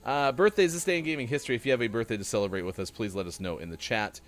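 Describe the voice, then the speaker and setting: A man's voice: mid-range voice, rapid-fire. A man hosting a morning show, chatting casually and reading out birthdays in a jokey, self-mocking way.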